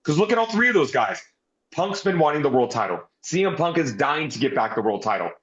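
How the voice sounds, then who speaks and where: A man's voice: on the high side, big pitch swings, a little fast, a bit bright. A man co-hosting a casual wrestling review, talking animatedly and swearing often. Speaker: podcast co-host. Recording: roomy, dull lo-fi sound.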